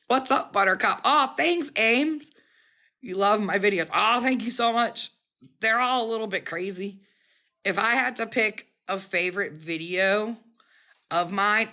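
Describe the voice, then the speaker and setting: A woman's voice: mid-range voice, sharp tone. A woman hosting a casual mukbang livestream, chatting in a bubbly way and greeting her viewers. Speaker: livestream host.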